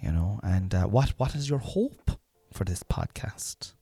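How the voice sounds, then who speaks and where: A man's voice: on the low side, lively intonation, measured pace, dark tone, slightly rough, no echo. A middle-aged Irish man hosting a comedy podcast, rambling and self-mocking with lots of fillers. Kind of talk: casual comedy podcast chat.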